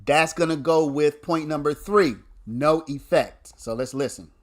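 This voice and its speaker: A man's voice: a little high, a little slow. A man, hosting a casual livestream where he explains a legal argument to viewers, repeating points and restarting sentences.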